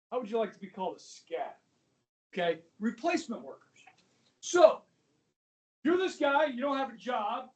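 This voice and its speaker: A male high school history teacher giving an animated classroom lecture, talking straight to his students and dropping to a whisper for asides. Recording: voice from a distance across a classroom.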